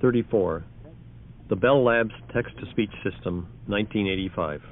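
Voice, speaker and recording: A man with a lowish voice announces each demonstration in a plain, measured way. The sound is thin and phone-like, as on an old tape. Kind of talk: formal archival announcing.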